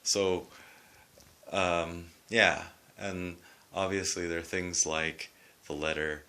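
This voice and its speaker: Deep, slow Canadian man explaining accents. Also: little pitch movement, bright, forceful tone, clear, resonant tone. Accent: southwestern Ontario Canadian. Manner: loose and rambling, demonstrating word pronunciations. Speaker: video host explaining accents. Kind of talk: casual spoken explainer.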